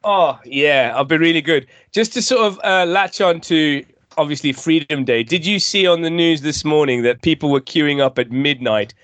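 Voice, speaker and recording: A man hosts a chatty podcast with his friends, leaning into a showy game show host delivery. His voice sits a little high for a man. The sound is dry and close to the mic. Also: moderate pace, fairly bright tone, no room sound. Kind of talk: casual chat among friends.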